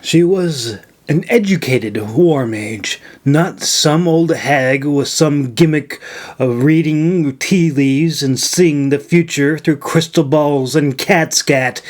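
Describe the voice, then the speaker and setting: A man reading his own fantasy novel aloud as narrator, slow and measured. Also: on the high side. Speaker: author and narrator. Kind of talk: audiobook narration.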